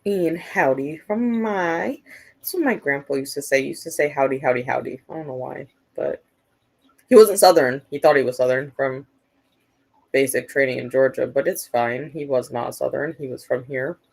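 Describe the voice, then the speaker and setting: A woman's voice: extremely low pitch, moderate pace, vocal fry, darkish tone. A woman hosting a casual livestream, chatting and reading viewer comments aloud, with lots of "like" and "um" fillers. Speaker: livestream host. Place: at home at her computer.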